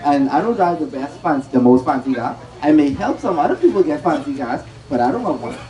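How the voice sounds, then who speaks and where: A man's voice: fairly high pitch, lively intonation, fairly quick, warm tone, poor audio. A man giving a financial talk, asking rhetorical questions and restarting his sentences often. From Bahamas. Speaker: presenter at a credit union talk.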